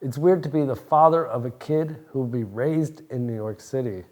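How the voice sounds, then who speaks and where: A man's voice: mid-range voice, moderate pace, darkish tone. Man, 40s, from New Jersey. Interview guest: loose, rambling, swears a lot, laughs easily. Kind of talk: casual chat.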